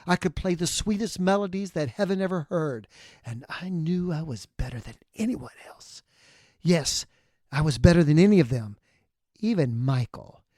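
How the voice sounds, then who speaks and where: A man voicing a proud, half-mad fallen angel who talks low and mutters, sometimes in a whisper. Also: animated, normal speed, warm tone, dry recording, clean studio sound. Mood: brooding.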